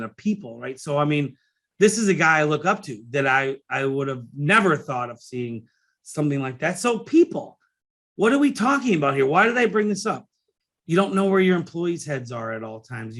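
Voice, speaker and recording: A man's voice: a little high, fairly bright tone. A middle-aged man hosting his own podcast, talking in a rambling, emotional way, with many restarts and fillers and some casual swearing. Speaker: podcast host and business coach. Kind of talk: casual solo podcast monologue.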